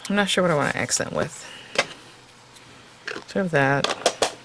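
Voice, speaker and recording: In a casual tutorial on making cards, a low-voiced woman talks her way through the work, musing out loud in a chatty manner. She speaks expressively but a bit slowly, her voice showing some fatigue, and the clip is very noisy.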